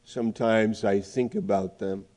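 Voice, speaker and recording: A middle-aged man with a low, steady voice preaches an emphatic sermon. He uses dramatic pauses and swings between loud and hushed.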